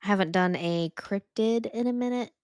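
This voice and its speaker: A woman's voice: medium pitch, normal speed, darkish tone, dry recording, studio quality. A woman co-hosting a podcast, telling a story in a rambling casual way with restarts. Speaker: podcast co-host.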